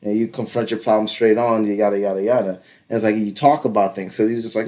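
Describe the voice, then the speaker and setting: A man's voice: fairly low pitch, fairly quick. A young adult man telling a story in casual podcast chat, laughing often, swearing freely and acting out quoted dialogue. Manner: tells stories with quoted dialogue. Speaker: podcast co-host.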